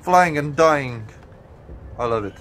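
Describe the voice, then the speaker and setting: A young man giving casual gameplay commentary, excitable and profane, stuttering and restarting, with sudden high yelps. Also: slow pace, music in the background.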